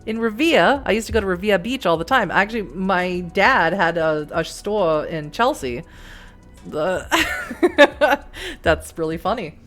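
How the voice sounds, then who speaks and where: A woman's voice: mid-range voice, lively intonation, measured pace, fairly bright tone, faint music behind. A middle-aged woman from the Boston area with a faint Boston accent, chatting and rambling to viewers while playing a story game. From Boston area, USA. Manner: chatty, rambling, frequent restarts and laughs. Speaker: streamer playing a narrative game. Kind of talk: let's play, reading aloud and chatting with viewers.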